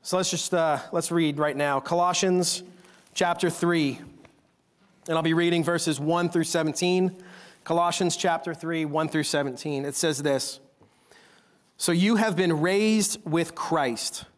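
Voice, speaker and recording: A middle-aged man preaching a sermon in church, earnest, repeating phrases and slowing down on the key words as he reads scripture. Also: fairly high pitch, steady tone. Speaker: guest preacher. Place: church sanctuary.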